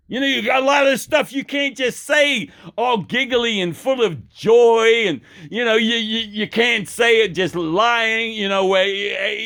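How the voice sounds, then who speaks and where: A man's voice: extremely high pitch, sharp tone. A man delivering an angry, profane political rant with many stumbling restarts. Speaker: political commentator.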